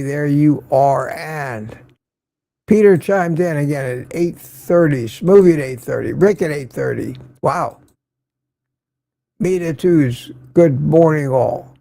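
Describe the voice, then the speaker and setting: An older man hosts a relaxed morning livestream, reading out viewer comments and greeting each person warmly by name. His voice is gravelly and mellow, set a little high for a man. It is recorded close and dry, with no room sound. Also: dry recording. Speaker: livestream host.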